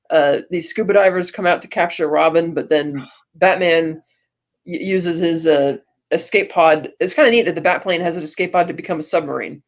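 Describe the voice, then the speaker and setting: A woman co-hosting a podcast, recapping a film in a rambling, chatty way with lots of fillers and small laughs. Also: on the low side. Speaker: podcast co-host. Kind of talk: casual film recap chat. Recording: dull lo-fi podcast audio.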